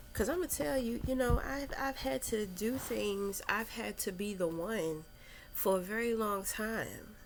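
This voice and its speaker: A young woman speaks at an unhurried, drawn-out pace in a confessional vlog, circling back with fillers and restarts as she works through her thoughts. She sounds emotional and open, her voice at an ordinary middle pitch. A faint low rumble sits underneath. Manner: slow, meandering, with frequent fillers and restarts. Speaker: vlogger. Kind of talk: candid personal reflection.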